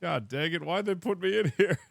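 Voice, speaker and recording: A man's voice: high-pitched, a little fast, creaky, no echo. A man live-streaming a role-play as a ship captain, talking theatrically and calling out for help. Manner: animated, theatrical, shouting for help.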